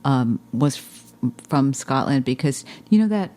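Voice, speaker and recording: A woman from New Jersey with a notably low voice tells family stories at a relaxed, rambling pace. Her humor is dry, and she loops back on herself with plenty of "like"s. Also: measured pace. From New Jersey, USA. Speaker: podcast guest. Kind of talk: casual storytelling chat.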